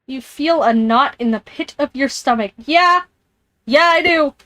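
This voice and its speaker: High-voiced woman streaming a game. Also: measured pace, sharp tone, no room sound. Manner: reads game text aloud, jumpy scared reactions. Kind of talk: live-streamed game playthrough. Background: headphones on, alone in a room.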